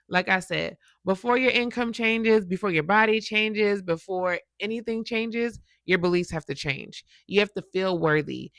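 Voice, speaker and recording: A woman giving a casual motivational talk straight to her viewers, chatty and animated, checking in with them often. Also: on the low side, dry recording. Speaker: motivational YouTuber and podcast host.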